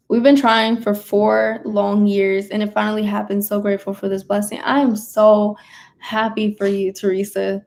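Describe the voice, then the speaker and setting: Gushing, excitable young woman livestreaming. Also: gravelly. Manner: gushing, excitable, talks straight to viewers; quick bursts of high excited exclamations. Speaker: spiritual livestream host. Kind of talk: casual livestream chat reading comments.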